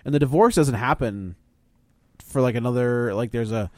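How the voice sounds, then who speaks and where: A man in casual chat about a movie, animated and acting out the people he quotes. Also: moderate pace, no room sound, clean studio sound. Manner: animated, acts out quoted voices with big pitch jumps.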